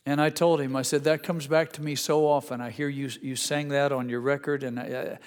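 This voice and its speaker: A man preaching a sermon as pastor, halting and repeating words, then rising to emphatic, higher passages. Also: flat delivery, long reverb tail.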